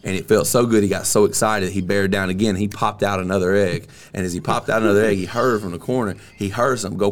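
A man's voice: fairly low pitch, fairly even intonation, fast, hardly any pauses, a little hiss or hum. A middle-aged man hosting a podcast, telling a long joke in casual, rambling talk. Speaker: podcast host.

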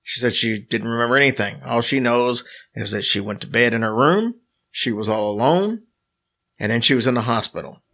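A man's voice: mid-range voice, lively intonation, a little fast, a bit bright. A man co-hosting a podcast, telling a story in casual chat with a wry, joking manner. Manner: wry, joking, recounts a story from his notes. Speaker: podcast co-host.

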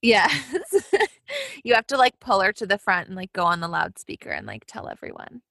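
A woman's voice: mid-range voice, sing-song, normal speed, vocal fry, sharp tone, dry recording, clean studio sound. A woman hosting a podcast in casual chat, giggly and enthusiastic, saying "like" a lot. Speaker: podcast host.

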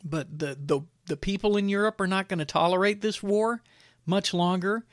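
A man's voice: high voice, moderate pace, dry recording, clean studio sound. A male podcast host giving blunt opinion commentary in a conversational monologue, with frequent fillers.

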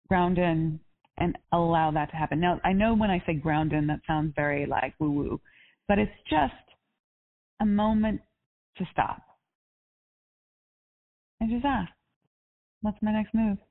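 A woman's voice: fairly low pitch, measured pace, long pauses. A woman life coach on a coaching call, chatty and upbeat, with lots of casual fillers. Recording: tinny phone line.

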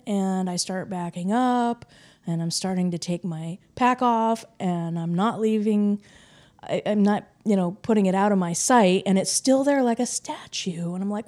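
A woman interview guest recounting a personal encounter, animated and full of "like" and "um". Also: mid-range voice, normal speed. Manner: animated storyteller, frequent "like" and "um".

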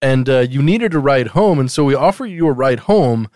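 A man's voice: mid-range voice, expressive, normal speed, darkish tone, no room sound, studio quality. A man in his thirties co-hosting a podcast, chatting casually, rambling and swearing freely. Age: 30s. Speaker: podcast co-host.

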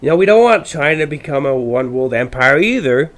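A man's voice: on the high side, animated, fairly quick, a bit bright. A man from the United States hosting a podcast, delivering a profane political rant that rambles and restarts often. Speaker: podcast host. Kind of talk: ranting political monologue.

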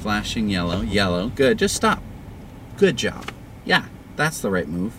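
A man talks from behind the wheel, his pitch leaping up and down as he narrates each turn in a lively, exclaiming way. He often pleads out loud with the car as it drives. Road and engine noise hum clearly under his voice in the car cabin. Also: measured pace. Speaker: driver and co-host. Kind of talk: casual in-car commentary. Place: inside a moving car. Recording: noisy car interior.

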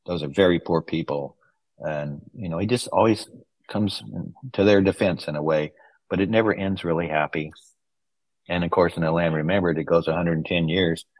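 Deep-voiced man telling rambling anecdotes. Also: steady tone, normal speed, no echo, low-quality recording. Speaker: guest, author's son. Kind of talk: casual interview storytelling. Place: West Coast wine region home.

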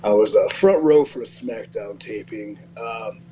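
A man in his thirties, a podcast guest, telling a story in a relaxed, self-mocking way and laughing often. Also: lowish voice, unhurried. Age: 30s. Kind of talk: casual podcast chat. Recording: slightly dull sound with faint hum.

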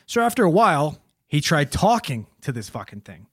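A man's voice: fairly high pitch, very animated, normal speed, a bit bright, slightly rough, dry recording, studio quality. A man casually telling a story on a podcast, swearing a lot in a loose, joking way.

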